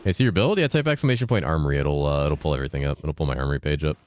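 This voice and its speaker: A man in his thirties with a remarkably deep, low, slightly mellow voice chats loosely with his stream while gaming, reading and answering chat and cursing offhandedly between topics. He's laid-back and profane, speaking in a deliberate, clearly enunciated way with a slightly raised inflection.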